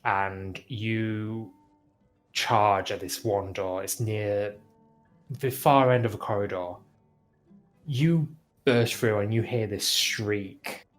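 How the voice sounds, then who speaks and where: Male game master, lowish voice, relaxed narration with fillers. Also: slow, soft background music.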